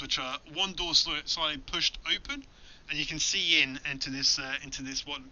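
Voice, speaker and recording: A man's voice: a little high, pushed and bright. A man running a tabletop horror game, talking loosely, swearing and laughing. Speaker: game master. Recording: dull lo-fi recording.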